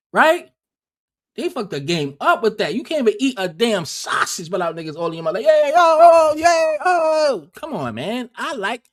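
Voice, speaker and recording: A man's voice: sits high, a bit bright. A man hosting a livestream, rambling and joking in crude, profane casual banter. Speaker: livestream host.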